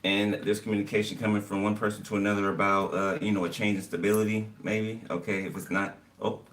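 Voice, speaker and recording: A man with a lowish voice chats through a casual tarot reading, greeting his viewers again and again. He sits back from the mic, and clear background noise runs under his talk. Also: level tone, fast talker, fairly bright tone, distant mic. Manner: chatty, laughs often, greets viewers repeatedly. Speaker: tarot reader.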